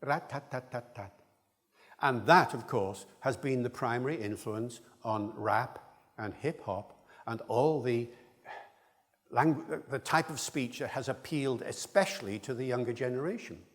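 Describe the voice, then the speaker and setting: Man, public lecture, mid-pitched, demonstrative, long hall reverb. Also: measured pace, fairly bright tone. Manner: demonstrative, illustrates points by acting out speech rhythms.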